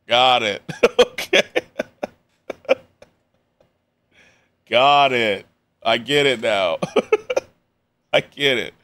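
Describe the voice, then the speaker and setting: A man's voice: medium pitch, extremely slow, pauses often, sharp tone. A man casually reacting to a video on a live stream, talking in a laid-back, slangy way with joking asides.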